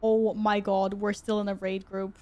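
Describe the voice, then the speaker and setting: A woman's voice: medium pitch, flat delivery, moderate pace, darkish tone. A young woman streaming a video game live, chatting with her viewers in an exasperated, self-mocking way. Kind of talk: live gaming stream chat.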